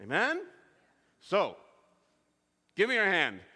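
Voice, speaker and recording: Man, preacher, sermon, call-and-response, bright tone, echoey church hall. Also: high voice, wildly swooping pitch, slow pace, breathy edge. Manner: emphatic call-and-response with the congregation.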